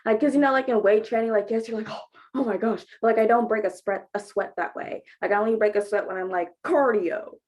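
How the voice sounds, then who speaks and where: A woman co-hosting a casual podcast chat, talking quickly and packing in fillers. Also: on the high side, darkish tone. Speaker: podcast co-host.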